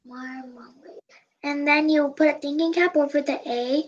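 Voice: high-pitched, fairly even intonation, brisk, dull audio. A student in an online class carefully explaining how to mark a word, step by step.

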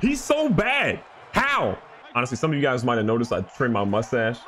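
Guy yelling and joking over his football game, pitch all over the place, bit of faint noise. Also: moderate pace. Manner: animated, joking, trash-talking. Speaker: gaming YouTuber. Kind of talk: excited gameplay commentary.

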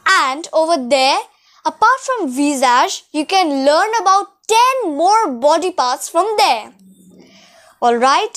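A woman's voice: high voice, fairly bright tone. A woman teaching French to beginners, speaking carefully and drawing out example words, in a room with a whiteboard. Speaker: French tutor. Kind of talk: beginner language lesson.

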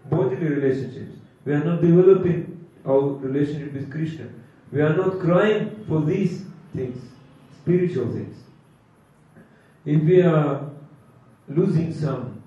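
A man's voice: medium pitch, warm tone. A man giving a devotional sermon. He repeats his points with emphasis and chuckles now and then. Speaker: preacher. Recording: echoey hall, far from mic, dull lo-fi.

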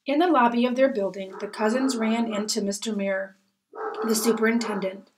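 A woman's voice: fairly high pitch, normal speed, background noise. Woman reading a picture book aloud. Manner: gentle, expressive storytelling. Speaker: storybook reader. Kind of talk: children's book read-aloud.

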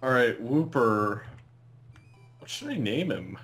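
A man's voice: medium pitch, big pitch swings, slow pace, fairly bright tone, soft background music. A man co-hosting a let's play, chatting hesitantly with lots of ums and giggling. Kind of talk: casual gaming commentary.

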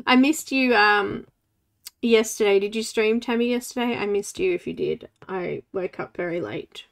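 This 40-something livestream host has a mid-range voice with vocal fry and an unhurried delivery. While coloring live, she chats easily, muttering to herself and welcoming viewers by name.

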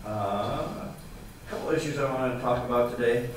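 A man's voice: mid-range voice, moderate pace. A man coaching a brass ensemble, encouraging and singing out rhythms. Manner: encouraging, sings rhythms aloud. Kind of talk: music clinic coaching. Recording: echoey hall, voice from far off, noisy.

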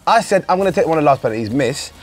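A young man reacting in casual banter, loud and animated, full of quick slang. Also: fairly high pitch. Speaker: guest reacting to comments. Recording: music playing behind.

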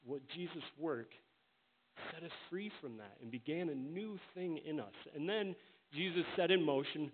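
A man preaching a sermon as pastor, earnest and emphatic, slowing down to stress the words he quotes. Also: fairly high pitch. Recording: tinny phone-like sound with faint hiss.

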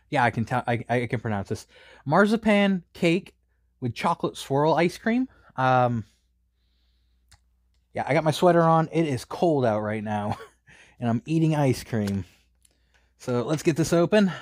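A man's voice: mid-range voice, darkish tone, no echo, clean studio sound. A man casually reviewing a snack, rambling with many fillers and a little out of breath. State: a bit out of breath.

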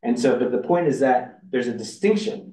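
A man's voice: medium pitch, lively intonation, normal speed, dark tone. Rambling man lecturing in an echoey hall. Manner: rambling, self-interrupting, many restarts and fillers. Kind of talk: university lecture. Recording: roomy hall audio from far off.

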